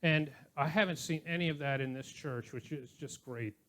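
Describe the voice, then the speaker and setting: Older man as a pastor preaching a relaxed sermon; slightly high voice, storytelling, light chuckles. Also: normal speed. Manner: conversational, anecdotal, with chuckling asides. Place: church.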